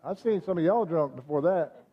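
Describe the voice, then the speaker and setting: A man's voice: on the high side, expressive, moderate pace, dull audio, a faint crowd, slight background noise. A man preaching a sermon, talking conversationally and often asking the congregation "amen?". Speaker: pastor.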